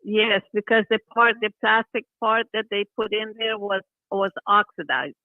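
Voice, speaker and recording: A woman's voice: mid-range voice, flat delivery, normal speed, no echo. An older woman answering a phone call, hesitant and weary as she talks about her troubles. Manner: hesitant, soft-spoken, weary. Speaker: person called by phone. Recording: tinny phone line.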